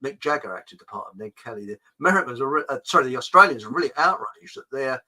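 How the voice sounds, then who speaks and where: A man's voice: medium pitch, expressive, quick pace, sharp tone, rough recording. An English man hosting a casual chat show, rambling and chuckling with frequent restarts. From England. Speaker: host.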